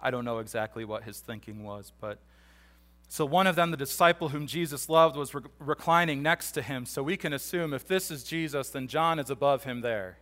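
A pastor teaches a Bible passage in a casual, conversational sermon, animatedly voicing the disciples as he retells it and restarting repeatedly. He speaks fairly quickly at a medium pitch.

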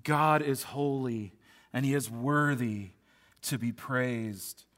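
Slow and slightly bright, this mid-range male voice belongs to a pastor giving a sermon. His style is sincere and conversational, with frequent restarts mid-phrase.

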